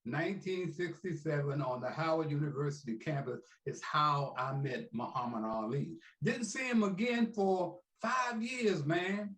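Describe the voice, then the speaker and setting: Older man, seventies, folksy storyteller, high animated voice, echoey room. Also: a little slow, few pauses. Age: 70s. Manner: folksy, peppers speech with "man". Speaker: interviewee, veteran sports talk host.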